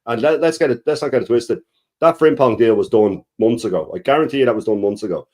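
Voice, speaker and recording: A man's voice: mid-range voice, quick pace, darkish tone. A man co-hosting a fan show, arguing bluntly and emphatically with some swearing. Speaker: co-host. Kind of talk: fast fan debate.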